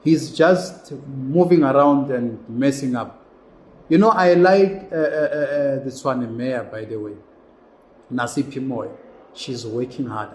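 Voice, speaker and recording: A man's voice: mid-range voice, reverberant, slight background noise. A South African man hosting a podcast, delivering an impassioned, repetitive political rant. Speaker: podcast host. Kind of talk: casual political commentary monologue.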